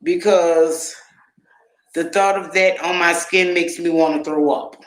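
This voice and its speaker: A man's voice: on the high side, fairly even intonation, unhurried, fairly bright tone. A man telling stories to camera in a casual vlog, loose and profane, repeating himself as he goes. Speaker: vlogger. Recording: echoey room.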